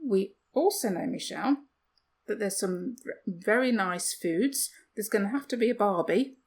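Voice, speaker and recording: With a medium-pitched, animated voice, darkish in tone and breathy at the edges, a British woman co-hosts a podcast at a moderate pace. The chat is casual, full of rhetorical questions and jokes at her own expense.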